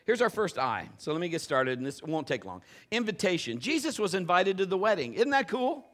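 A middle-aged man, a pastor, preaching a conversational sermon and telling stories in an animated way. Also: high voice, brisk. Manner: animated, conversational, acts out quoted voices. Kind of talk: storytelling sermon.

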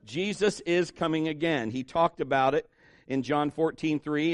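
A middle-aged pastor preaches in a loose, chatty way, tossing jokes and asides to his congregation. His voice sits a little high for a man. The sound is dry and close, with no room echo. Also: normal speed. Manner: conversational, joking, with asides to the congregation. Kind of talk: sermon.

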